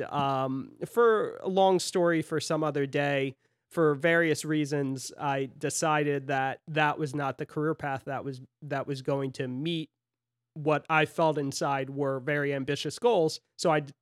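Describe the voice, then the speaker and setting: Brief: young male podcast host, slightly high voice, dry close sound, friendly and rambling. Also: no room sound. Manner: friendly, rambling questions with restarts. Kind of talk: casual interview chat.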